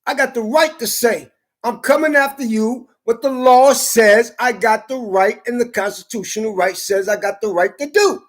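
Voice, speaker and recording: A man delivering a heated, profane ranting monologue, his voice rising into shouts. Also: very high-pitched, normal speed.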